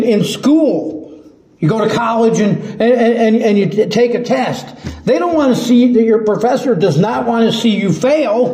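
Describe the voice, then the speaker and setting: Slow, deep-toned preacher in an echoey room. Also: male voice, dark tone. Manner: slow, earnest, halting with restarts. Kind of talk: sermon.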